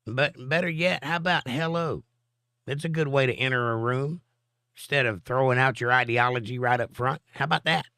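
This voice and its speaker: A man's voice: mid-range voice, brisk, bright, forceful tone, smooth, no room sound, studio quality. A middle-aged man, hosting a live stream and reading viewer comments aloud with a joking, chatty manner. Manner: joking, chatty, answers chat directly.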